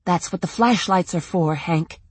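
The narrator voicing a frantic, sharp-tongued woman searching for her children, snapping and insistent. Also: medium pitch, moderate pace, slightly rough, no echo, natural voice.

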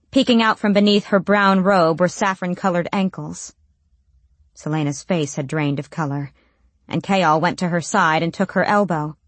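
A woman reading a fantasy story aloud as narrator, with steady storytelling. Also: fairly low pitch, no echo. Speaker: audiobook narrator. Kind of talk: scripted narration.

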